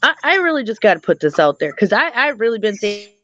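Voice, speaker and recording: A woman's voice: medium pitch, very animated, quick pace, a bit bright, no echo, dull audio. A blunt woman co-hosting a casual political chat, swearing and talking over her partner. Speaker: co-host.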